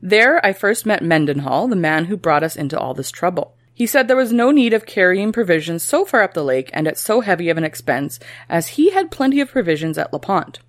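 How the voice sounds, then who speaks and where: Podcast co-host, woman, lower voice that swings a lot, dry close sound, tells history casually. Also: brisk, hardly any pauses, no room sound. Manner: reads old quotes aloud in a lively, joking way.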